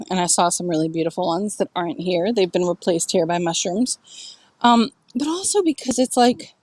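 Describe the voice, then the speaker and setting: A woman's voice: medium pitch, darkish tone, no room sound. A middle-aged woman telling a personal story to camera, candid and emotional, swearing freely and filling her talk with "like".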